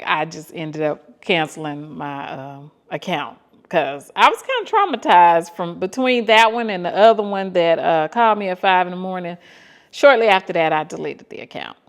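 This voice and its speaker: A woman in her fifties with a Southern US accent, telling dating stories to her viewers in an animated, exasperated way, acting out bits of the dialogue. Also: medium pitch. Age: 50s. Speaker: vlogger. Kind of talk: casual storytelling to viewers.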